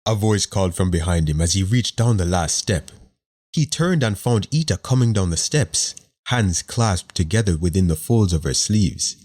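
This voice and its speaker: A man narrating a fantasy audiobook in a steady, measured storytelling voice. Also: deep voice.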